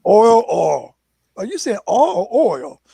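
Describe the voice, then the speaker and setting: An older man from Philadelphia, a guest musician telling animated stories in casual conversation. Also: high voice, slow, gravelly, breathy edge. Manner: animated, acts out quoted voices. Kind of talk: casual storytelling.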